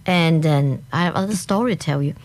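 A woman's voice: sits low, fairly quick, a little mellow. A woman from Hong Kong with a Hong Kong accent, chatting enthusiastically as a guest in an interview and laughing often. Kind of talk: casual interview chat.

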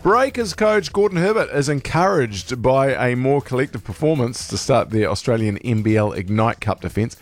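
A man's voice: mid-range voice, expressive, normal speed, hardly any pauses, faint music behind. A man hosting breakfast radio, reading sports news with teasing, dry asides. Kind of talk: news read with banter. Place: radio studio.

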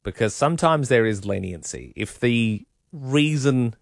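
A man's voice: mid-range voice, expressive, unhurried, creaky, no echo, studio quality. A young adult man with an Australian accent co-hosting breakfast radio, chatty and self-mocking as he tells stories. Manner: chatty storyteller, self-mocking, laughs often. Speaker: radio co-host. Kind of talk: casual breakfast radio chat.

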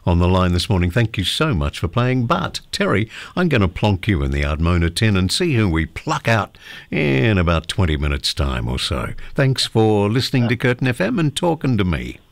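A man's voice: on the low side, big pitch swings, moderate pace, creaky, no echo. A man with an Australian accent hosting a casual phone-in radio show, chatty and jokey. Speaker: radio host.

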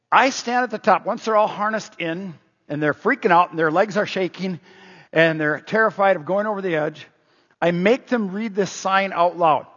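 A man preaching a sermon as pastor, animated, quoting scripture aloud. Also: high voice. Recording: roomy hall, dull lo-fi sound.

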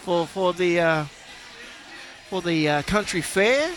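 A man's voice: high-pitched, lively intonation, slow. Jokey man hosting live radio. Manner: jokey, laughing, chatty. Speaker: radio host. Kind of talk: live outdoor broadcast banter. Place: outdoor school fair. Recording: loud music behind.

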